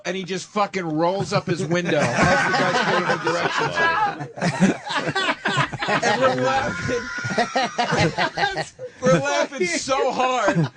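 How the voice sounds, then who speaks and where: A comedian telling a casual anecdote, laughing and doing the voices of the people in it. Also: male voice, on the high side, moderate pace, slight background noise. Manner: animated, laughing, does voices of others.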